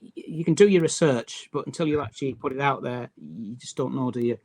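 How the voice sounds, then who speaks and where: A man's voice: medium pitch, brisk, darkish tone. A man from County Durham with a mild Durham accent and a faint Teesside trace, chatting as a guest about his publishing work with many restarts. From County Durham, England. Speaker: guest, map and book publisher. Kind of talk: casual interview chat.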